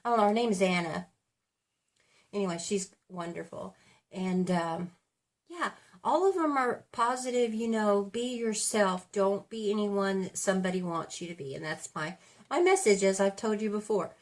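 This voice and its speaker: Getting ready at home, this beauty vlogger in her fifties chats casually at a moderate pace in a mid-range voice. She rambles and keeps correcting herself along the way.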